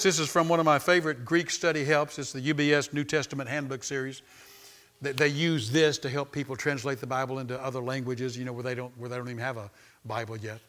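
A man's voice: medium pitch, steady tone, fast talker. A male pastor preaching a sermon, calling for amens and often restarting his phrases. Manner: preaching with call-and-response, stumbling restarts, swells in loudness.

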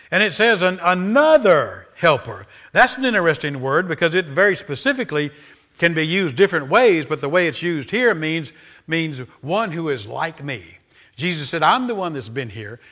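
A man preaching a sermon with a fairly high voice and a bright, tense edge. He pushes hard on key words, repeats phrases for emphasis, and breaks in with cries of praise. He speaks to a congregation gathered in church. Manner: exclamations of praise between points. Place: church service before a congregation.

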